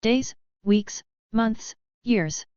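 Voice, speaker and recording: A woman voicing a calm, scheming goddess, smooth clear voice in a dry, close recording. The sound is slightly dull and lo-fi. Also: on the high side, extremely slow, dry recording. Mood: smug.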